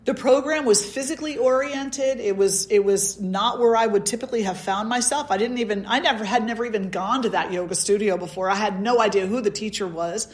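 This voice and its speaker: A woman's voice: medium pitch, fast talker, few pauses. Woman telling a personal story. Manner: storytelling, acts out quoted dialogue. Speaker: spiritual teacher. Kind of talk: satsang talk, personal story.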